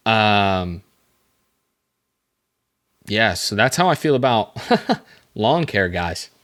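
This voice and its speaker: Rambling low-voiced man on a podcast. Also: lively intonation, extremely slow, fairly bright tone. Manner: rambling, self-mocking, lots of fillers. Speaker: podcast host. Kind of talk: casual solo podcast monologue. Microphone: desk microphone.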